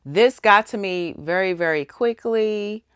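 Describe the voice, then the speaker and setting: A woman's voice: mid-range voice, unhurried, clean tone. A woman crochet vlogger unboxing yarn, gushing with gasps and squeals. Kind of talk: unboxing vlog.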